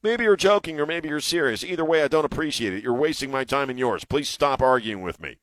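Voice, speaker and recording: A man voicing a stubborn, insistent chatbot, reading its lines quickly on talk radio. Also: medium pitch, a bit bright, no room sound, voice pushed up, close to an everyday voice.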